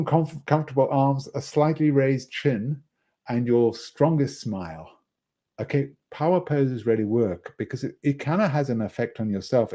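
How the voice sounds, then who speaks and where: Mellow-voiced man teaching presentation skills. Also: mid-range voice. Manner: conversational, with frequent restarts and asides. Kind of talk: online lecture.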